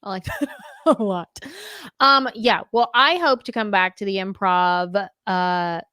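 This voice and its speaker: A woman's voice: mid-range voice, measured pace, bright, forceful tone, clean tone. A woman hosting a live-streamed interview, bubbly and playful, laughing easily. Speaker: host.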